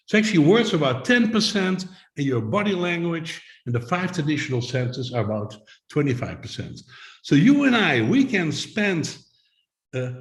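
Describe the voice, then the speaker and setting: A man speaks on a video call in an echoey room, coaching his listeners with plain pictures and questions. His voice sits at a middle pitch, and the room gives it a hollow ring. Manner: motivational, explains with simple images and questions. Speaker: summit speaker. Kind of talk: online talk to a video call.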